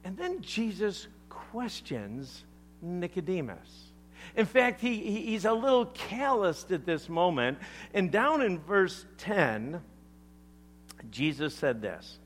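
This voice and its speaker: Male pastor, sermon delivery, slightly high voice with wide swings, unhurried, emphatic. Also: slight background noise. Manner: emphatic, animated preaching with deliberate pauses.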